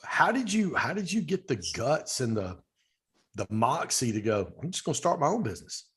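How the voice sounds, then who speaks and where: A male podcast host with a husky voice sums up his guest's story and turns it into follow-up questions. His pitch moves around a lot as he talks. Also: big pitch swings, normal speed, fairly bright tone. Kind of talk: interview.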